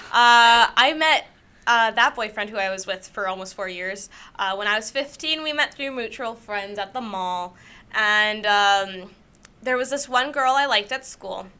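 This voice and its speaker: A woman's voice: mid-range voice, measured pace, bright, forceful tone, clear, resonant tone. A young woman co-hosting a podcast, telling personal stories in a rambling, self-deprecating way with frequent laughter. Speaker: podcast co-host. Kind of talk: casual storytelling chat.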